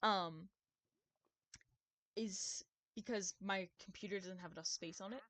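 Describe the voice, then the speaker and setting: A young adult woman chatting on a live stream, excitable and rambling, who swears often and stumbles over her words. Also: mid-range voice, a little slow. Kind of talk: casual live-stream chat.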